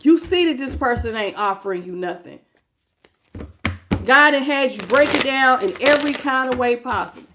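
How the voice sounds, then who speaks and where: A woman giving a live-streamed tarot reading and greeting her viewers, emphatic and preachy, swinging between low murmurs and loud outbursts. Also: lively intonation, normal speed, background noise. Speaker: tarot reader.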